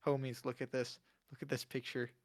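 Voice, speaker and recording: A man's voice: mid-range voice, little pitch movement, fairly quick, background noise. A young man with a Midwestern American accent, co-hosting a casual podcast, joking and laughing often. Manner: joking, laughs often, reads aloud from searches. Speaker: podcast co-host. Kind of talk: casual chat.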